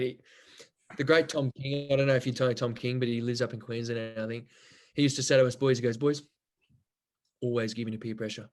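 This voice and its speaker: Young man, podcast guest; rambling, sweary, giggly storyteller, middle pitch. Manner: rambling, swears freely, laughs while telling stories. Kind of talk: casual storytelling chat.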